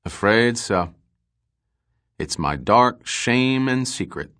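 A man's voice: mid-range voice, expressive, takes it slowly, a bit bright. A man voicing a weary, gloomy male space trader who talks in clipped, wry remarks.

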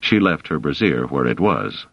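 A man reading an audiobook as narrator, telling the story in a measured, even way. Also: rumbling low, vocal fry, no echo, lo-fi sound. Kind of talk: scripted narration.

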